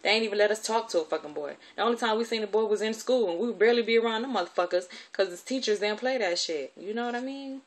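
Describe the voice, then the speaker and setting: Brief: frank, salty-mouthed woman recounting her own past, loose and conversational, mid pitch. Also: fast, few pauses. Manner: candid, profane, conversational vernacular. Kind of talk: personal life storytelling.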